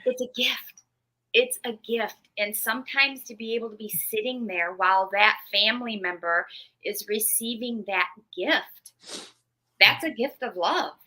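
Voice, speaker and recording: A woman guest, a death doula, explaining her work in an earnest, gentle way. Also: on the high side, measured pace, poor audio. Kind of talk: interview talk.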